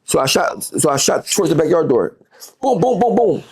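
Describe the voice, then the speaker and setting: A man's voice: a little high, animated, moderate pace, breathy edge. A man, a guest on a podcast interview, talking heatedly and profanely and repeating words as he gets worked up.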